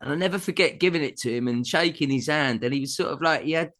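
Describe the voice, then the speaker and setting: A middle-aged man tells a long story in a relaxed chat. His voice rises and falls a lot as he acts out what people said. He laughs often as he talks. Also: on the high side, fast talker. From England. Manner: animated anecdote telling with laughs and acted-out quotes. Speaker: guest musician. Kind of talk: casual storytelling.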